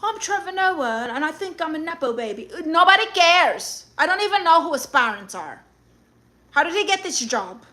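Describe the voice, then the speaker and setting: A blunt, toxic diva, played by a woman on a comedy livestream. Her voice sits high and cuts bright, and every remark drips with scorn. She peppers her English with Spanish words. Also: animated, moderate pace, full character voice. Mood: sassy, scornful. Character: brash toxic woman, blunt, dismissive, self-assured. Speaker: livestream comedy host reading chat and a self-help book. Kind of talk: live-streamed character comedy.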